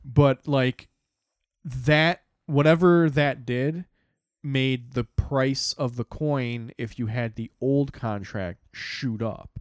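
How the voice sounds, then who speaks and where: A man's voice: mid-range voice, slow, no echo, studio quality. A young man, a podcast host, tells a story in casual chat, swearing often and acting out his own reactions.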